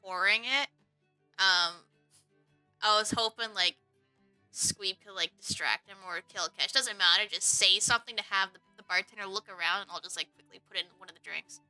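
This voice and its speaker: A woman's voice: mid-range voice, moderate pace, bright, forceful tone, soft background music, rough recording. A woman playing a tabletop game, talking her plans through with lots of "like.". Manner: rambling plans, many "like"s. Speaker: player. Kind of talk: tabletop role-play.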